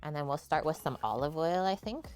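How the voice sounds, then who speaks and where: A woman's voice: low voice, animated, brisk, darkish tone, soft background music. Chatty woman cooking on a live stream. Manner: chatty, explains each step while cooking. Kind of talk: casual live cooking chat. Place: home kitchen.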